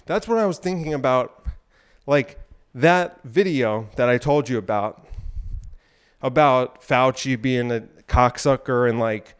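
A man's voice: mid-range voice, unhurried, clear, resonant tone. A man hosting a solo podcast, rambling in a provocative, irreverent way while out of breath from exercise. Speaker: podcast host.

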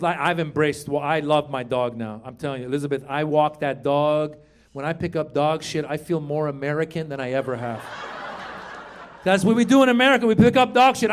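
Stand-up comedian, middle-aged man, high-pitched, animated delivery into a handheld stage mic, faint club ambience. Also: slight background noise. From Iran. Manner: animated, acts out quoted voices, shouts punchlines. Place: comedy club stage before a live audience.

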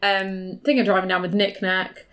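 A woman's voice: mid-range voice, monotone, brisk, fairly bright tone. A woman hosting a podcast in casual, chatty talk, laughing often as she tells stories. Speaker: podcast host.

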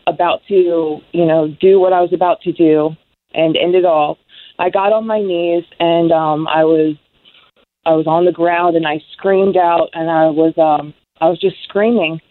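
Young woman guest, heartfelt halting testimony, low-ish voice, dry tinny line. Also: no echo. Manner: halting, many ums, heartfelt. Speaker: guest sharing recovery story. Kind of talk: emotional personal testimony. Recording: dry tinny phone-like sound.

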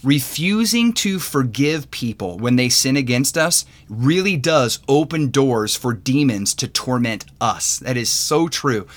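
A man's voice: medium pitch, expressive, a little slow, few pauses. A man teaching in a podcast sermon, earnest and conversational, with many fillers and restarts. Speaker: podcast host and preacher.

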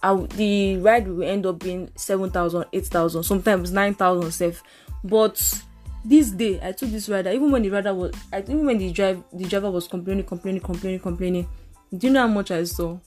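Fast-talking young Nigerian woman. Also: mid-range voice, faint music behind. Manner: lively storytelling, often laughing. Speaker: podcast co-host. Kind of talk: casual chat.

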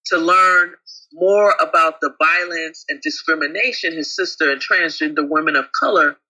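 A man co-hosting a casual talk show, chatty and affectionate, with a husky voice. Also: on the high side, moderate pace, sharp tone, rough recording. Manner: chatty, calls co-host babe. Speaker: co-host. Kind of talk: casual chat.

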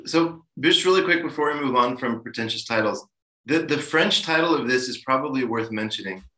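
A man's voice: mid-range voice, expressive, brisk, bright, forceful tone, echoey room, low-quality recording. A man co-hosting a film podcast in a laid-back, casual way, laughing often. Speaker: podcast co-host.

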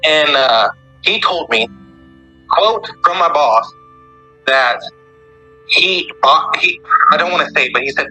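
A man calling in to share a personal story, talking earnestly and haltingly with many fillers. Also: a little high, animated, pushed and bright, slightly rough, faint music behind, low-quality recording. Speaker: caller sharing a story. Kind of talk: casual storytelling.

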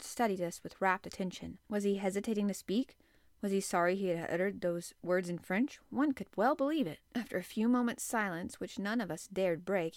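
A woman hosting a podcast, reading a classic novel aloud in a clear, steady and expressive way. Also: mid-range voice, no echo, studio quality. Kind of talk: audiobook-style reading aloud.

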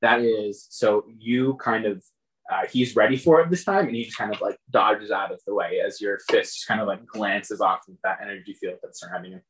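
A man's voice: fairly low pitch, brisk, fairly bright tone, slight background noise, rough recording. A man narrating as game master of a tabletop game, loose and rambling with many fillers.

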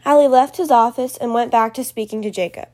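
A woman's voice: fairly high pitch, a little fast, a little mellow. A woman reading her own story aloud in a plain way, turning casual with fillers when she chats off the script.

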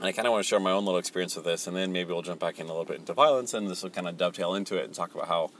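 A man's voice: low voice, racing, fairly bright tone, slight background noise. A man hosting a Christian podcast, speaking in a rambling, hesitant, casual monologue full of fillers and restarts.

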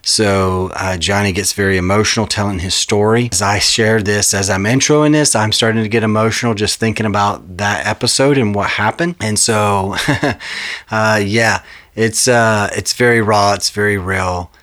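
Man, podcast host, low voice, relaxed, rambling, lots of fillers and restarts. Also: normal speed. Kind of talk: casual podcast ad read and intro.

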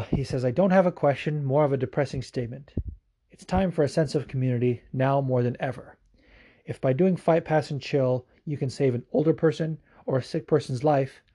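Guy podcasting, swears a lot, um-heavy rambling, mellow dark voice. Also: medium pitch. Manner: rambling and profane, lots of fillers. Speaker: podcast host. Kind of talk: casual listener Q&A chat.

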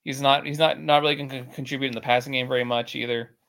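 A man with a gravelly, creaky voice talks through player prospects in a relaxed podcast chat. He hedges and pads his points with plenty of fillers. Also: mid-range voice, very fast. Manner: filler-heavy, hedging analysis. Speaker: podcast co-host, draft analyst. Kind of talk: casual sports chat.

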